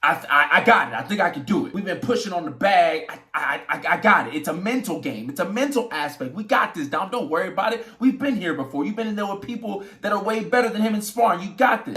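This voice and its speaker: Young male boxer, a little high-pitched, echoey room, animated storytelling with swearing. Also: a little fast, few pauses. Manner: animated, swearing, acts out quotes. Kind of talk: casual storytelling vlog.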